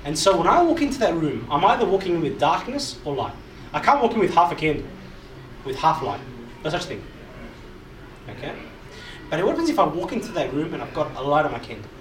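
A man's voice: fairly high pitch, big pitch swings, brisk, pauses often. A man preaching to a live group, emphatic and repetitive, constantly checking in with questions to the audience. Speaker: preacher, youth speaker. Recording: echoey hall, mic far off, audible noise.

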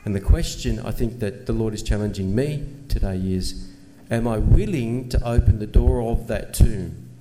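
A man's voice: fairly low pitch, moderate pace, few pauses. A man preaching a sermon in an earnest manner, asking rhetorical questions and pressing his points with emphasis. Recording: long reverb, faint ambient noise.

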